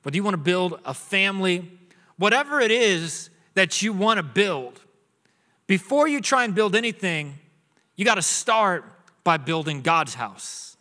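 A man in his thirties preaching a sermon in a church, telling jokes and family stories in a relaxed way. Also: high-pitched, unhurried. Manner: joking storyteller, acts out his son's voice. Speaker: pastor. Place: church auditorium. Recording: long reverb of a large hall.

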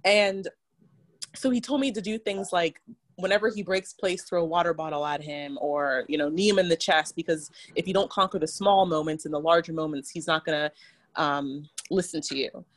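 Speaking at a normal speed in a lowish voice, a woman guest recounts something that happened to her. She's chatty, leans on "like" a lot, and quotes what people said back and forth.

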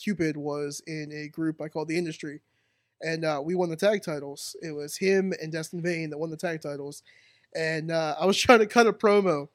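Brief: high-pitched male guest, rambling, laughs a lot, dry close sound. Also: steady tone, normal speed, no room sound. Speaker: wrestling guest. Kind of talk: casual podcast chat.

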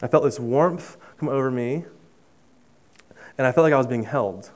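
This preacher is a young man telling a personal story during his sermon, earnest and conversational, with plenty of fillers and restarts. His pitch is medium and his pace moderate. When the lines turn emotional, his voice drops to a soft hush.

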